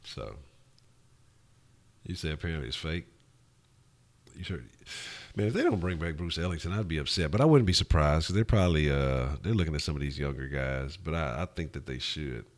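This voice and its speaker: A man's voice: rumbling low, a little fast, long pauses. A man hosting casual sports talk, loose and profane, rambling with restarts while answering chat. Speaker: sports talk show host.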